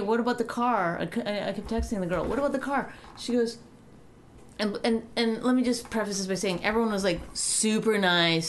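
A woman comedian co-hosting a podcast, chatting casually and telling profane, animated stories. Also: fairly high pitch, a little hiss or hum. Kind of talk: casual chat.

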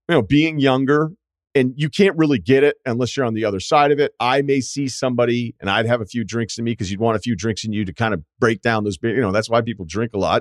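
A man in his forties, a podcast host telling a story in casual chat, animated and jumping into loud impressions of people. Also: medium pitch, no room sound, studio quality. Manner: animated, swings into loud mimicking voices.

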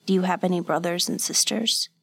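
A woman reading a storybook and voicing a brooding adult swordsman who talks in a soft, low, coaxing way. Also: steady tone, fairly quick, creaky, husky, no room sound, studio quality. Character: brooding swordsman man, quietly menacing.

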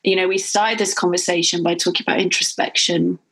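A woman hosting a podcast interview, asking eager, quick follow-up questions. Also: on the low side, level tone, fairly bright tone, husky, poor audio. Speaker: podcast host. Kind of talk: interview conversation.

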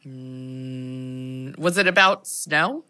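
A woman's voice: very deep voice, drawn-out words, bright, forceful tone, clear, resonant tone. A woman co-hosting a podcast in casual chat, reacting with short interjections and dry humor. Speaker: podcast co-host.

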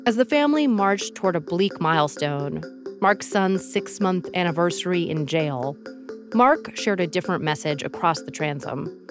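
A woman hosting an investigative podcast, narrating in a measured, serious way. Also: on the low side, expressive, music in the background. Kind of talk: scripted narration.

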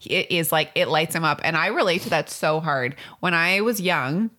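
A woman in her thirties chatting on her podcast with a slightly low voice. She tells stories with animated energy and breaks into laughter often. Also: moderate pace. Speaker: podcast co-host. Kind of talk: casual chat.

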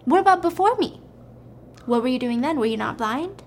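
A woman voicing a scheming widow who mocks and threatens in a cool, quiet tone. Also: sits high, expressive, normal speed, slight background noise. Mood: menacing.

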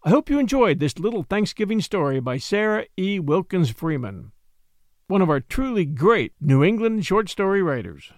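A man narrating a classic short story, reading in an expressive, measured way. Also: sits high, no echo, studio quality. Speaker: narrator and podcast host.

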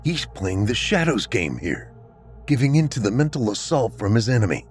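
A man narrating a scripted story in a dramatic, expressive reading. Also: medium pitch, moderate pace, faint music behind.

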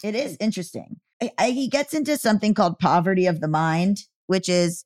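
A woman hosting a podcast, chatting casually and telling lively stories with quoted dialogue. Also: fairly low pitch, fairly quick, few pauses, dry recording, clean studio sound. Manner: chatty, animated storytelling with quoted voices. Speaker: podcast host.

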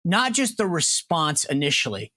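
A man with a high voice hosts a political talk podcast, talking in an animated way and slipping into indignant quoted lines. The sound is dry and close. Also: normal speed, no echo. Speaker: podcast host. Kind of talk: political talk show discussion.

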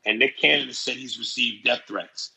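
A man in casual chat, telling stories in an animated, profane way. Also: mid-range voice, moderate pace, creaky, slightly rough, poor audio.

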